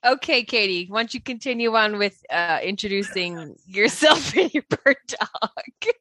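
A woman hosts a casual podcast and introduces her guests, chuckling now and then. Her voice is bright and bold. The sound is dry and close. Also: mid-range voice, expressive, a little slow, dry recording. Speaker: podcast host. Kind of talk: casual chat.

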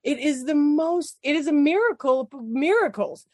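Animated woman telling a story, dry sound. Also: high-pitched, moderate pace, dry recording. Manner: animated storyteller, swears and laughs often. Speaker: podcast guest. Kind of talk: casual storytelling chat.

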